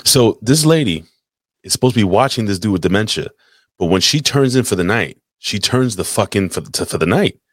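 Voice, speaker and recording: Deep-voiced man telling a rambling story. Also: expressive, brisk, no room sound, studio quality. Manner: rambling storyteller, swears a lot. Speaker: podcast host. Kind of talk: casual crude chat. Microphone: desk mic, live stream.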